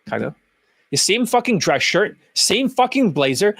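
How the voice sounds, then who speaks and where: A man's voice: high-pitched, sing-song, normal speed, breathy edge, no echo. A man who coaches dating, ranting in a profane, mocking way about other coaches. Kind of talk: ranting video commentary.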